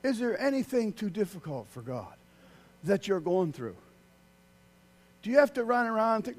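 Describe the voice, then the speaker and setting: A man preaching a sermon, swinging from loud, excited outbursts to hushed, quiet passages. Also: high voice, normal speed, pauses often.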